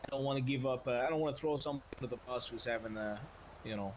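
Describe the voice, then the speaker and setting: A man's voice: mid-range voice, fast talker, crowd noise. A man talking hesitantly and coyly in in-character role-play, often trailing off.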